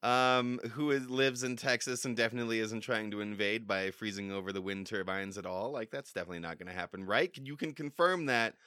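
A man's voice: lowish voice, a little fast, hardly any pauses, pushed and bright, smooth, dry recording, studio quality. A man hosting a comedy podcast, playful and rambling, often breaking into laughter. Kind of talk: casual comedy podcast chat.

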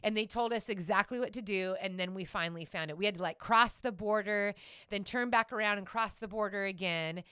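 Smooth-voiced giggly woman storyteller. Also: mid-range voice, fairly quick, no room sound, studio quality. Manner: animated, giggly, acts out quotes. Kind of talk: casual storytelling chat.

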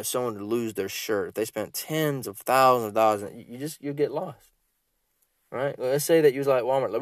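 Guy coaching on business, animated and rambly, dry close sound. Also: mid-range voice, dry recording. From Georgia, USA. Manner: animated, rambling, repeats himself. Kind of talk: casual motivational talk.

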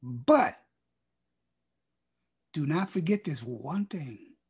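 A man preaching a sermon, reading scripture and swinging from loud declarations down to hushed near-whispers. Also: on the high side, animated, drawn-out words, husky.

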